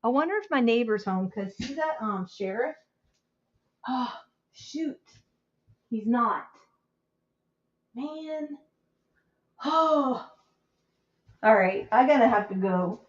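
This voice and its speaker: A woman chatting casually on a home livestream, excitable and quick to exclaim. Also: fairly high pitch, muffled recording. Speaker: crafting livestreamer.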